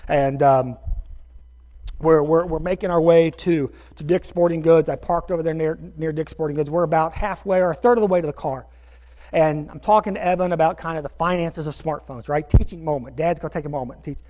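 A middle-aged man, a pastor, telling a story in a sermon with animated, self-deprecating bursts of energy. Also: on the high side, a little fast. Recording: dull lo-fi sermon recording.

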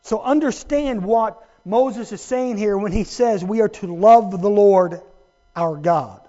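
Man, pastor, high voice, emphatic sermon, playful asides, muffled recording. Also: slow, dark tone. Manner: emphatic preaching with humorous asides to the congregation.

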